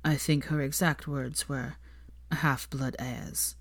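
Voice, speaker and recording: Woman reader doing a guarded, anxious young man; hushed, halting, low and dry. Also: breathy edge, dry recording. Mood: brooding. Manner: hushed, halting, heavy sighs.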